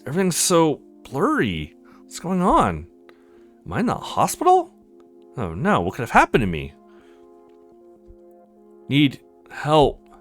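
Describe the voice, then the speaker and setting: A man's voice: a little high, huge pitch swings, a little slow, long pauses, soft background music, full character voice. A man voicing a confused young man waking from a coma, in a put-on accent. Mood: bewildered.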